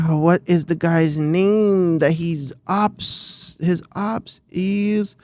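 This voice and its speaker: A Canadian man co-hosting a podcast, chatting casually in animated, rambling bursts with frequent restarts. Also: high-pitched, drawn-out words, no echo. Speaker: podcast co-host. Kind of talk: casual chat.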